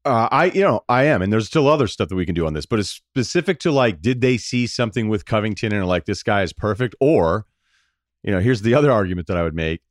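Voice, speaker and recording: A man with a lowish voice talks fast, telling sports stories in an animated way with plenty of "like" and "you know." The mic is close and dry. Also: dry recording. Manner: rapid, animated storytelling with lots of fillers. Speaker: podcast guest. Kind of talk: casual sports chat.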